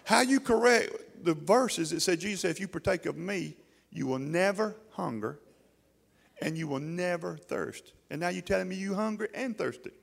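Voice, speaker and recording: A man preaching a sermon to a congregation in a folksy, animated way, often mimicking voices. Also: high-pitched, normal speed, gravelly, long reverb tail. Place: church hall before a congregation.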